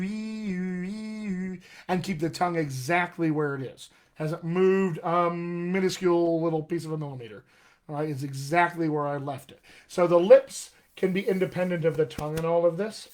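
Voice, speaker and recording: A man running a live-streamed accent lesson as a dialect coach, explaining tongue and lip shapes and demonstrating vowel sounds. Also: on the high side. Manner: demonstrates vowel sounds, addresses viewers as friends.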